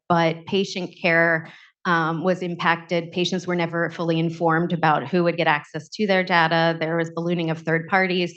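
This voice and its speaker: A woman physician speaking on a conference panel in an earnest, measured and cautionary way. Her voice sits low and stays quite even in tone. The event audio is dull and lo-fi. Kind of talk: panel discussion.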